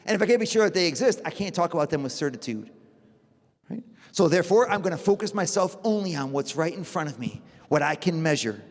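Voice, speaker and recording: Priest preaching at a conference, fairly high voice, big echoey hall, asks the crowd lots of questions. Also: male voice, quick pace. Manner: animated, acts out dialogue, rhetorical questions. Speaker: priest giving a conference talk. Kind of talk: lively conference talk. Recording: long hall reverb.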